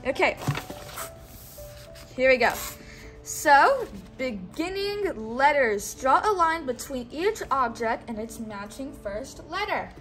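A woman teaching a child one-on-one, speaking slowly and patiently and repeating words for the child to say back. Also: sits high, sing-song, a bit bright, faint music behind. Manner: slow, coaxing, repeats words for the child to echo.

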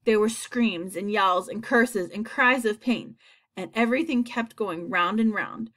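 A woman reading a children's story aloud in an expressive, animated way. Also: medium pitch, unhurried. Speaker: audiobook reader. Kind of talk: storybook narration.

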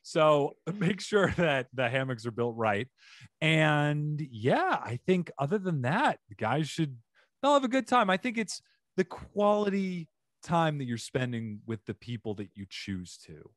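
A man's voice: fairly high pitch, a little slow, no room sound, studio quality. A man hosting a comedy advice podcast, giving advice and signing off in an upbeat, chatty way. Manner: upbeat, animated sign-off patter. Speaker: podcast host. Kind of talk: casual podcast chat.

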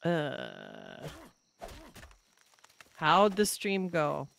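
A woman's voice: low voice, huge pitch swings, very slow, creaky, fairly bright tone, a little hiss or hum. A young woman streaming a survival game, chatting casually, thinking aloud as she builds and thanking viewers from chat. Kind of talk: casual live-stream chat while playing.

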